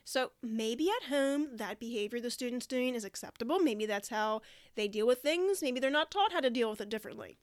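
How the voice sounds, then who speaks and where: A woman's voice: on the high side, expressive, a little fast, no room sound, studio quality. A woman giving practical classroom behavior advice in a direct, demonstrating way. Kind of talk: podcast-style teaching talk.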